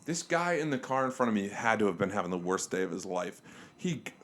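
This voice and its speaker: Animated storytelling man, lively pitch. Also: fast, a little hiss or hum. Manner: acts out the people in his stories with jumps in pitch and loudness. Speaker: comedian guest. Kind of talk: casual podcast chat, animated storytelling.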